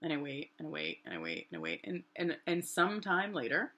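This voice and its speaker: A woman's voice: a little fast, muffled recording. A middle-aged woman from New Hampshire, casually telling her own story and acting out what people said. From New Hampshire, USA. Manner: animated, acts out quoted voices with big pitch jumps.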